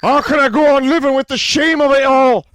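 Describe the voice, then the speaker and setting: A man voicing a blustering, burly, bearded male brute fighter in a put-on mix of Irish, Scottish and English accents, with a gravelly, boastful manner. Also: very high voice, fairly even intonation, brisk, fairly bright tone, slight background noise, pitched above the performer's own voice. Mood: mock shame. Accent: mock Irish-Scottish-English mix. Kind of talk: reading game dialogue aloud.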